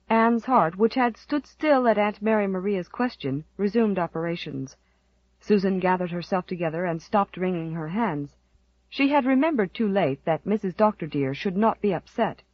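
A woman narrating an audiobook with expressive, dramatic storytelling. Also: medium pitch, moderate pace, no echo, highs cut off. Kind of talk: scripted narration.

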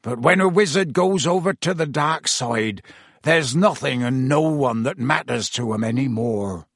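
A man voicing a huge, gruff male gamekeeper with a rough, growling, rustic way of talking. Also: medium pitch, a little slow, a bit bright, no room sound, clean studio sound.

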